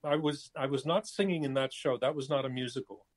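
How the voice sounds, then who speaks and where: A man in his seventies, a guest talking casually over his cell phone, pausing often with fillers and restarts. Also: mid-range voice, breathy edge. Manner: hesitant, many fillers and restarts. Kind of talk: casual interview chat.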